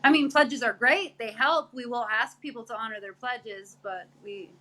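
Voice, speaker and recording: A woman from an animal rescue talks about the work in a casual, earnest and chatty way. Her voice is bright and forward, a little higher than most women's. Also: normal speed, poor audio. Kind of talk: casual interview chat.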